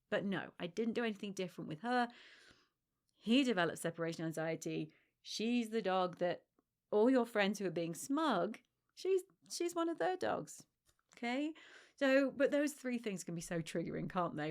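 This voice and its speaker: This solo podcast host, a woman who trains dogs with separation anxiety, has an animated, medium-pitched voice at normal speed. She addresses the listener directly in an emphatic, reassuring way.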